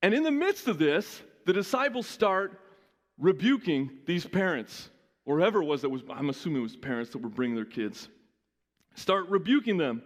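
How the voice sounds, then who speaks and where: A male pastor giving a lively, conversational sermon, often restarting his sentences. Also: on the high side, normal speed, in a large hall.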